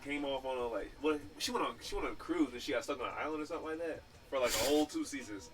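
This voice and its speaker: A young man co-hosting a casual podcast chat, telling stories in a rapid, animated way. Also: medium pitch, recorded from a distance, background noise. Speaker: podcast co-host.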